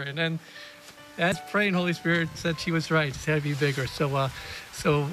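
High-voiced man telling an earnest testimony. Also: fairly even intonation, moderate pace, fairly bright tone, faint music behind. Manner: earnest storytelling, retells inner dialogues with "I go". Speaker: speaker at a faith gathering. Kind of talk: personal testimony talk.

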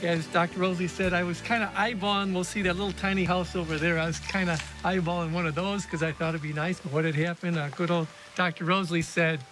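High-voiced man telling an earnest testimony. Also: flat delivery, fast talker, few pauses, a bit bright, faint music behind. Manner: earnest storytelling, retells inner dialogues with "I go". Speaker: speaker at a faith gathering. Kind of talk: personal testimony talk.

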